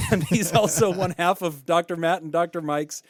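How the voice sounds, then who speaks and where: A man's voice: high-pitched, normal speed, no echo, studio quality. An American man co-hosting a podcast, joking and hamming through the guest introduction in casual banter. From United States. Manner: goofy, joking, hammy. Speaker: podcast co-host.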